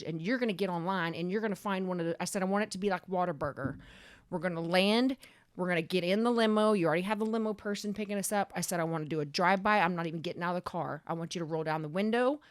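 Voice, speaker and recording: A woman, co-hosting a podcast and telling a story in a casual, animated way, swearing and speeding up when excited. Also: fairly low pitch, no room sound, clean studio sound. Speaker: podcast co-host.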